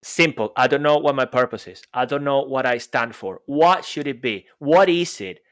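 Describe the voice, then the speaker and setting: A man co-hosting a podcast in casual chat, lively and jokey, his voice jumping up and down. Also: mid-range voice, moderate pace, smooth. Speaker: podcast co-host.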